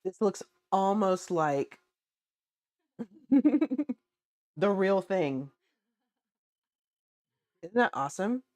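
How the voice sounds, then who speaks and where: A woman's voice: mid-range voice, animated, extremely slow, pauses often, darkish tone. A woman streaming late at night, chatting casually with her viewers as she eats, answering chat and laughing often. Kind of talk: casual livestream chat while eating.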